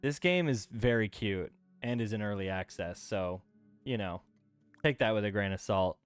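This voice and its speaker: A man's voice: fairly low pitch, moderate pace, clean tone, faint music behind. A man streaming a video game from home, chatting casually in a playful, rambling way. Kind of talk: casual gameplay stream chat. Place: home room.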